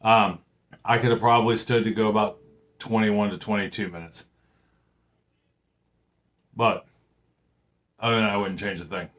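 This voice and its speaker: A man's voice: on the low side, fairly even intonation, moderate pace, pauses often, fairly bright tone. A middle-aged man chatting casually in a home baking vlog. He rambles in a friendly way, full of fillers and restarts. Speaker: home cooking vlogger. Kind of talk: casual chat.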